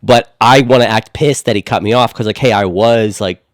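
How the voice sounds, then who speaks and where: A man's voice: on the low side, moderate pace, dry recording, clean studio sound. A man co-hosting a podcast, telling a long story in a rambling way with lots of fillers. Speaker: podcast co-host. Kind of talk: casual podcast chat.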